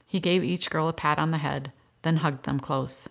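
A woman narrating an audiobook story in a steady, even storytelling manner. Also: deep voice, moderate pace, creaky.

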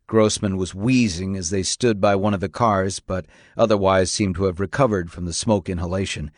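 A man narrating an audiobook in a steady, even storytelling voice. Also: deep voice, moderate pace, few pauses, no room sound, clean studio sound.

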